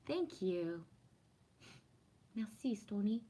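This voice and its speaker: A woman's voice: medium pitch, measured pace. Casual woman reading her livestream chat. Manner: warm, affirming, spiritual musing with frequent "right?". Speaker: livestream host answering chat.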